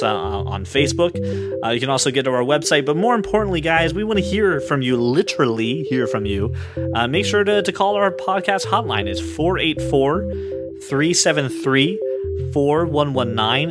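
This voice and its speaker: A man hosting a podcast, talking in a casual, animated way and swearing freely as he rants. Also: medium pitch. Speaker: podcast host.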